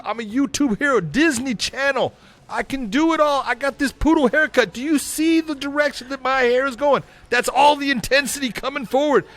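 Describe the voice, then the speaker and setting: A man doing an impression of a hyped young male internet-star boxer, loud, bragging and excitable. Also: very high voice, pitched above the performer's own voice.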